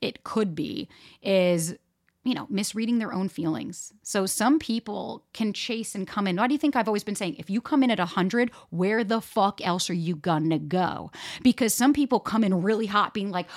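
A young woman hosts a dating-advice podcast on her own, in the middle of her range and easy in tone. She is blunt and animated, drops swear words freely, and speaks straight to her listeners as if coaching a friend. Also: medium pitch, moderate pace. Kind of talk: casual solo podcast talk.

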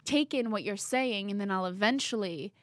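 A woman's voice: mid-range voice, moderate pace, no room sound. A young woman co-hosting a faith podcast, chatting casually, telling stories and laughing often. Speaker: podcast co-host. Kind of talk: casual chat.

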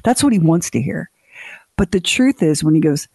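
A woman's voice: sits low, expressive, normal speed, vocal fry, mellow, husky, no echo. Chatty woman radio co-host. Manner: chatty, comedic storytelling with put-on quotes. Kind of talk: casual radio chat.

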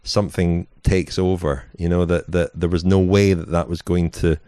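A man's voice: sits low, steady tone, normal speed, warm tone, smooth, dry recording, clean studio sound. A man co-hosting a podcast, telling a story in a meandering way with many "you know"s and restarts. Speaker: podcast co-host. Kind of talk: casual chat.

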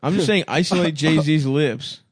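A man co-hosting a podcast in crude comedic banter, blunt and quick to laugh. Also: fairly high pitch, breathy edge, dry recording, clean studio sound. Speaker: podcast co-host.

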